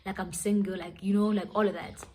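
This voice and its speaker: A young woman with a South African accent, telling a dramatic personal story in a casual, lively way and switching between English and Sesotho phrases. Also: mid-range voice, brisk, a little hiss or hum. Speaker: vlogger.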